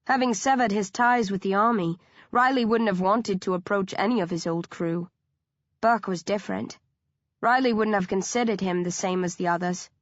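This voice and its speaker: A woman reading a first-person audiobook narration in a steady storytelling manner. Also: medium pitch, normal speed, no echo, muffled recording.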